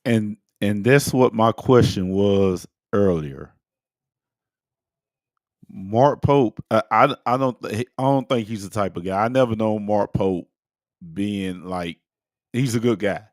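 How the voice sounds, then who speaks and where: A man's voice: on the low side, takes it slowly, no echo, studio quality. A man co-hosting a casual sports reaction chat, asking questions and stopping to restart his sentences. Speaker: co-host.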